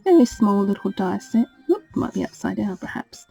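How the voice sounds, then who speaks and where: A woman presenting her craft purchases in a casual show-and-tell, talking in a gentle, gushing way. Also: mid-range voice, sing-song, normal speed, creaky, husky, no echo, soft background music, rough recording. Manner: gentle and gushing, fond of "little".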